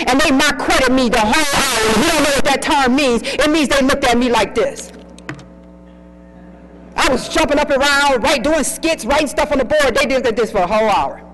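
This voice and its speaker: Animated woman giving a keynote speech. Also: high-pitched, poor audio. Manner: animated storytelling, acting out quotes. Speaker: keynote speaker. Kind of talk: conference speech. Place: conference hall.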